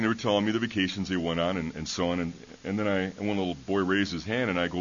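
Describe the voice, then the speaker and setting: A preacher who is also a schoolteacher speaks quickly in a low voice, hardly pausing, as he gives a folksy, story-driven sermon full of fillers and restarts. He's heard in a church on a dull lo-fi recording.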